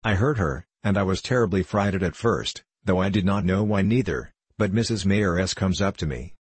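Deep husky male audiobook narrator. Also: moderate pace, dry recording. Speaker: audiobook reader. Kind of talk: scripted narration of an old novel.

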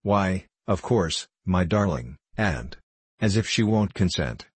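Gushing, fussy old landowner full of endearments, read by a man in a low, husky voice for an audiobook play. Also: animated, slow pace, no room sound, full character voice. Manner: showers everyone with pet names. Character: effusive elderly male landowner, gushing and fussy.

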